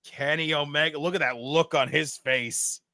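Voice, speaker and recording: A man hosting a casual wrestling watch-party stream, excitable, joking and swearing often. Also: a little high, normal speed, no echo, studio quality. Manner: profane, excitable, jokey. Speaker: podcast host.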